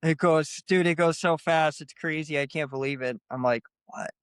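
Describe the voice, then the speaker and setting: A man's voice: a little high, normal speed, clear, resonant tone, dry recording, clean studio sound. A man in his late twenties, a guest guitarist telling a story in a chatty casual way, full of "you know" asides. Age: late 20s. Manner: chatty, peppers talk with "you know" and "I'm like".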